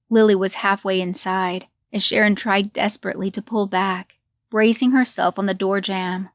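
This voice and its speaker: A woman narrating a horror story in a measured, deliberate way. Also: mid-range voice, steady tone, no echo.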